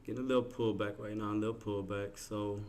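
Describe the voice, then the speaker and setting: A man's voice: fairly low pitch, level tone, fast talker, a little mellow. A man streaming his live trades, thinking aloud in casual slangy talk and chatting with his viewers. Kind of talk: live trading commentary.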